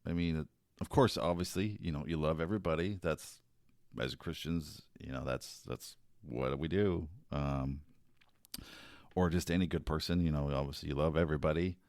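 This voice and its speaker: A man hosting his own show, talking casually in a rambling, halting way with restarts. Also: a bass voice, fairly even intonation, a little mellow, no room sound, clean studio sound. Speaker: podcast host. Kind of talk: casual solo commentary.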